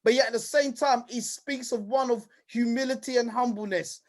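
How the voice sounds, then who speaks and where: High-voiced energetic male event host. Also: normal speed. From United Kingdom. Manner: energetic hype, repeats "brother" and "King". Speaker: host and presenter. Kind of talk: lively live online event hosting.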